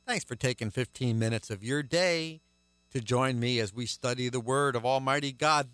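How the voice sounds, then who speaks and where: A man preaching a radio sermon as host, emphatic and swinging between loud declarations and hushed asides. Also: medium pitch, moderate pace.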